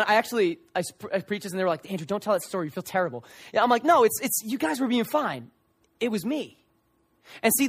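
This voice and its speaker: A young man preaching a sermon to a gathered audience, earnest and animated, with many restarts as he tells stories. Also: high voice. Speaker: youth pastor. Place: church service room before an audience.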